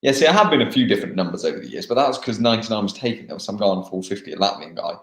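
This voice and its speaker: A man's voice: fairly low pitch, lively intonation, a bit bright. Chatty English man in an echoey room. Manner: chatty, laughing, halting with fillers. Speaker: motocross racer, guest. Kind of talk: live online interview, casual chat.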